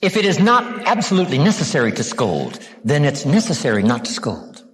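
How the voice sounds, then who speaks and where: An older American man, a motivational speaker, giving a live seminar lecture to an audience, asking rhetorical questions and repeating key words with slow, drawn-out emphasis. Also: fairly high pitch, wildly swooping pitch, a little hiss or hum. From United States. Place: large hall with a live audience. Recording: live hall recording with long reverb.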